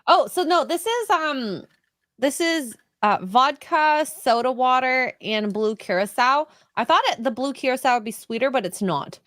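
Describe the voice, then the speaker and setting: A woman co-hosting a casual party live stream, relaxed and giggly as she chats. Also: high voice, normal speed, no echo, clean studio sound.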